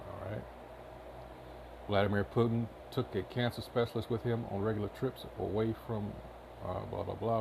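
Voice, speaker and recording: Gravelly low-voiced guy reading headlines off the screen, lots of uhs, noisy background hiss. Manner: reads headlines aloud with filler uhs and asides. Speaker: commentary channel host. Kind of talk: casual commentary reading headlines.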